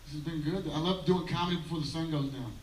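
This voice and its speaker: A man, doing a rambling, self-mocking stand-up set with halting fillers at an outdoor daytime show. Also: fairly high pitch. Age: 30s. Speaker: stand-up comedian. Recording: roomy live sound from a distance.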